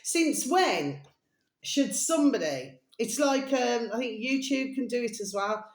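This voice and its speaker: A woman's voice: fairly high pitch, animated, unhurried, reverberant. A woman chatting in a rambling, casual monologue, calling her listeners her little babies. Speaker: vlogger.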